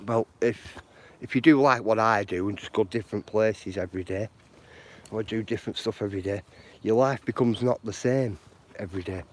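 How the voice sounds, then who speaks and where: A man's voice: lowish voice, moderate pace, a little hiss or hum. Rambling encouraging man. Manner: rambling, encouraging, says "you know" often. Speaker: walking vlogger. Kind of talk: live walking chat. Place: outdoors on footpaths.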